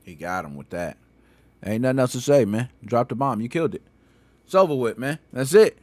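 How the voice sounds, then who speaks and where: Animated slangy man hosting a podcast. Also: mid-range voice, fairly quick, dry recording. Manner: animated, slangy banter with frequent laughs. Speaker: podcast host. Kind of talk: casual gaming podcast chat.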